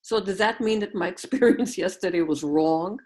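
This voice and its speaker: A woman's voice: lowish voice, normal speed, mellow. A middle-aged woman Zen teacher giving a dharma talk over a video call, reflective and storytelling, often posing questions to her listeners.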